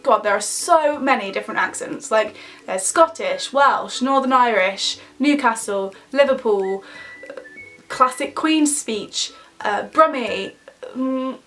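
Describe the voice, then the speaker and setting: A woman's voice: on the high side, measured pace, a bit bright, soft background music. Bubbly young woman with a Midlands accent. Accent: English Midlands. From English Midlands. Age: 20s. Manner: chatty and bubbly, many "like" fillers. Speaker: YouTuber. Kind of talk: casual Q&A vlog chat.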